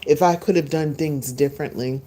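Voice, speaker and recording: A middle-aged woman talks to her live viewers in a relaxed, chatty way, laughing often and eating as she goes. Her voice is low and warm. She is outdoors on a porch, and faint outdoor noise sits behind her on the phone recording. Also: brisk. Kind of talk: casual live chat.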